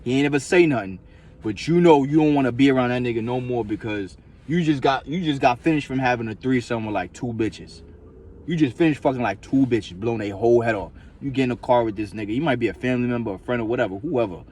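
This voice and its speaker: Male vlogger, mid pitch, loose slangy profane ramble, lots of repetition. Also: fast talker, darkish tone, a little hiss or hum. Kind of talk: casual rambling monologue.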